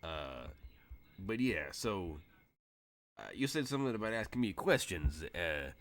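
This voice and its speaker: A man's voice: deep voice, big pitch swings, unhurried, a bit bright, full character voice. A man voicing a wary male mine foreman who talks plainly and hesitantly. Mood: uneasy. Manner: plain-spoken, hesitant, lots of "uh".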